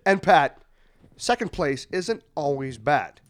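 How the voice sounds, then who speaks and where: A man's voice: a little high, lively intonation, takes it slowly, dry recording. A man hosting a podcast among friends, joking, laughing and announcing game segments in a playful, announcer-like way. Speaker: podcast host. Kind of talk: casual chat.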